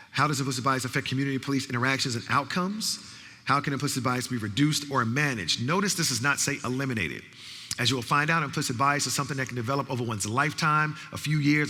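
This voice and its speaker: A college professor with a sharp, mid-range voice gives an interactive training talk to a conference audience, calling for responses and repeating phrases to rally the crowd. The recording carries long hall reverb.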